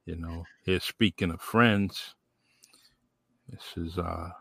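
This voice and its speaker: Low gravelly man hosting a podcast. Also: steady tone, slow pace, fairly bright tone, no room sound, studio quality. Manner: rambling, laid-back, lots of fillers. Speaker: podcast host. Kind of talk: casual interview chat.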